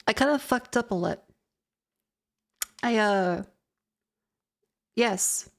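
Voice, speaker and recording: A woman's voice: mid-range voice, takes it slowly. A young woman streamer chatting casually, telling a rambling story full of laughs and swearing. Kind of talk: casual chat.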